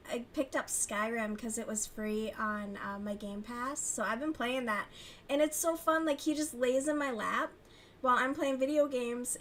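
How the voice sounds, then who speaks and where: Her voice is a little high and fairly bright, with slight background noise behind it. This young woman runs a crochet livestream where she casually chats with her viewers and reads their messages, gossipy and profane, laughing a lot.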